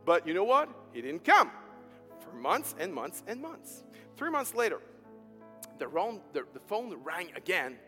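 Preacher man, bright voice, lively pitch, long hall reverb, faint music behind. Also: measured pace. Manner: animated, emphatic, swings loud and soft. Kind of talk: storytelling sermon.

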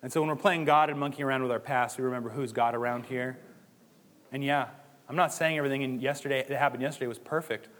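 A man's voice: mid-range voice, fairly even intonation, quick pace, fairly bright tone. Man preaching in a reverberant hall. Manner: conversational, rhetorical asides, acts out inner voices. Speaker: pastor. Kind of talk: sermon.

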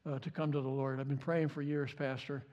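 A man's voice: medium pitch, little pitch movement, fairly quick, a little mellow, lo-fi sound. A male pastor preaching a sermon with passion, often repeating words and stumbling over restarts.

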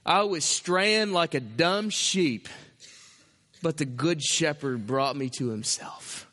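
A man's voice: on the high side, expressive. Man, pastor, sermon, emphatic short phrases, long hall reverb. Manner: slow, emphatic preaching in short phrases, dropping to hushed.

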